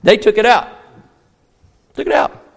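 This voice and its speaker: A man preaching a sermon, emphatic, asking rhetorical questions and rising to near shouts. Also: high voice, unhurried. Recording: long reverb of a large hall.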